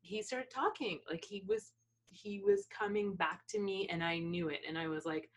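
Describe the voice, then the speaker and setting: A woman's voice: medium pitch, normal speed. A woman who is a mother, telling an emotional personal story with many fillers and restarts. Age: adult parent. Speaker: guest.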